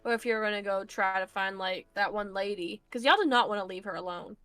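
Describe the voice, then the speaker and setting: A woman's voice: mid-range voice, brisk, fairly bright tone, clear, resonant tone, no room sound. A woman playing a tabletop game over a video call, teasing and blunt, swearing casually. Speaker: player. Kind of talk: casual tabletop role-play chat.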